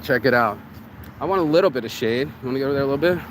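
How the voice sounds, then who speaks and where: A man's voice: medium pitch, animated, very fast, slight background noise. A man rambling through a profane, preachy motivational talk while vlogging in an outdoor park. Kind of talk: casual motivational vlog.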